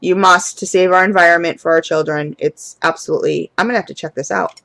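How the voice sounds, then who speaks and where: A woman's voice: lowish voice, steady tone, quick pace, vocal fry, a bit bright, dry recording, rough recording. A woman gushing through an unboxing vlog, effusive and chatty as she talks straight to her viewers, at times near tears. Her voice is close and dry, with little room sound around it. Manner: chatty, addresses viewers as guys. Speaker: candle and wax hobby vlogger.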